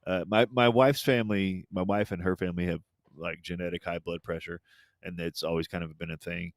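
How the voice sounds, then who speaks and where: A man in his forties co-hosting a podcast in casual chat, low-key and hesitant, with many fillers. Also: steady tone, fairly quick, no echo, clean studio sound. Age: 40s. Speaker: podcast co-host.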